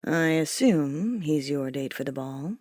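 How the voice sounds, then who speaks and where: A woman voicing a calm, stern male character who speaks in a measured, quietly pointed way. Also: deep voice, dry recording, studio quality, voice pushed down. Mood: cool. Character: calm, stern male rule-follower with a cool bite.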